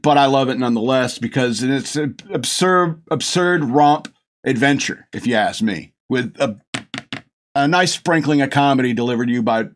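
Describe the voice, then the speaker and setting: A man's voice: medium pitch, fairly bright tone. A middle-aged man hosting a show, rambling casually and chuckling often as he gushes about a film. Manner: gushing, chuckling often, many restarts. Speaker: podcast host reviewing a film.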